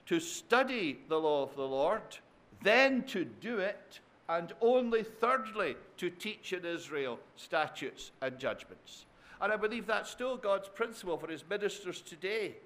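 A male preacher delivering a sermon in a high voice, taking his time over every phrase. He builds his points by repeating phrases and turns to the congregation with tag questions. He addresses them warmly as his dear friends. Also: animated, measured pace.

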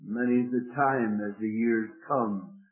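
A man's voice: lowish voice, fairly even intonation, takes it slowly. Man preaching over tinny old radio. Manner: earnest, rising and falling with emotion. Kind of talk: sermon with personal testimony. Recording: tinny phone-like radio broadcast.

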